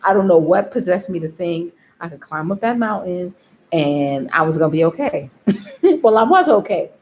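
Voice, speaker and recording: A woman's voice: lowish voice, moderate pace. A woman vlogger telling a story in a casual way, laughing often and acting out what she told herself. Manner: animated, laughs often, acts out her own inner voice.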